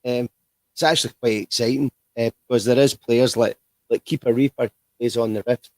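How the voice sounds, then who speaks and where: A man's voice: mid-range voice, fairly even intonation, brisk, a little mellow, dry recording. A man hosting a livestream interview, chatty and rambling, with frequent restarts. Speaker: host.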